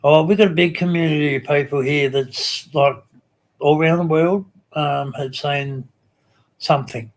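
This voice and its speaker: An Australian man hosting a live stream, chatting casually with viewers and reading their comments, slow and rambling with many pauses and restarts. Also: fairly high pitch, fairly even intonation.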